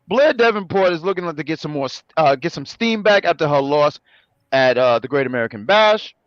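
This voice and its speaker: A man co-hosting a casual review chat, animated and joking, often correcting himself. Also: on the high side, a little fast, no echo, lo-fi sound. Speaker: co-host.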